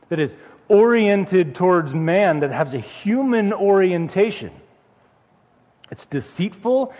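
Male preacher, high pitch, earnest exhortation full of repeated phrases; dull, reverberant hall recording. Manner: earnest, repeats phrases for emphasis, rises when urging. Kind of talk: sermon.

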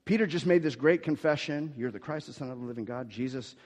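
Animated preacher in a reverberant hall. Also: male voice, mid-range voice, quick pace. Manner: animated storytelling with sudden swings from loud to hushed. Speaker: pastor. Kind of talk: sermon.

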